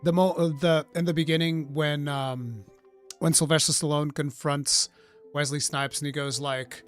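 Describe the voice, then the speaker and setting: A man's voice: a little high, steady tone, moderate pace, clear, resonant tone, soft background music. A man hosting a live gaming talk show, giving blunt, rambling, profane opinions. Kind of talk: casual gaming commentary.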